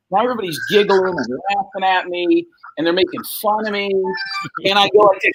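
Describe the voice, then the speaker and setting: A man's voice: high voice, fairly quick, pushed and bright, a little hiss or hum. A middle-aged man telling a long, profane story in casual chat and acting out the other people's lines. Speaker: podcast host telling a story.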